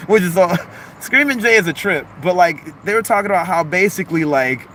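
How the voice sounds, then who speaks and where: A man with a Long Beach, Los Angeles accent rambles through a casual live stream and reads viewer comments aloud. His voice is bright and forceful and sits fairly high for a man. He talks animatedly, leaning on "like" and "man.". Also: slight background noise. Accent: Long Beach, Los Angeles mix. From Los Angeles harbor area, USA.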